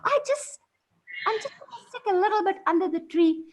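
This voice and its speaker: A woman's voice: very high-pitched, lively intonation, brisk, pitched above the performer's own voice. A woman voicing a boastful, lazy male hare in a storybook tale, drawling and smug. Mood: smug, bored. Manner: drawling and smug, then panicky.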